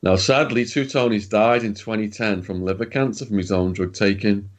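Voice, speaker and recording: A man's voice: lowish voice, fairly even intonation, moderate pace. Blunt man telling stories. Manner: blunt, swears freely. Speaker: guest, former prisoner and author. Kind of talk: casual storytelling.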